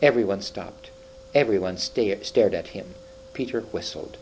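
A man narrating an audiobook in a measured, expressive storytelling manner. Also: fairly low pitch, a little hiss or hum, rough recording.

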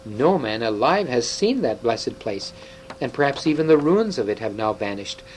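A wise, sorrowful old half-dwarf scholar speaks with grave tenderness, as a male reader puts him on. His voice sits at an ordinary pitch. A faint hum runs behind him. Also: very animated, normal speed, close to an everyday voice, rough recording. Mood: earnest.

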